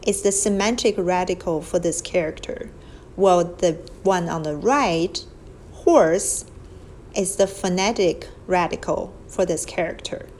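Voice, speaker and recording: Slow patient woman teaching characters. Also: medium pitch, darkish tone, a little hiss or hum, rough recording. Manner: patient, explains step by step, models tones aloud. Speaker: Chinese language teacher. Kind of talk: slow whiteboard lesson narration. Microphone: phone screen recording.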